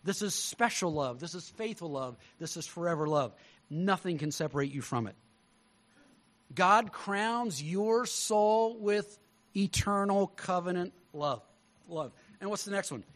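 A male pastor preaching a sermon, telling stories with lively swings between loud emphasis and hushed tones. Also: on the high side, normal speed.

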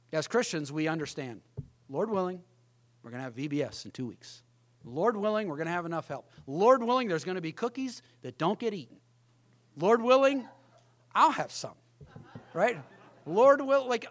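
A middle-aged man preaching a sermon as pastor, emphatic, often acting out the voices of others. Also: sits high.

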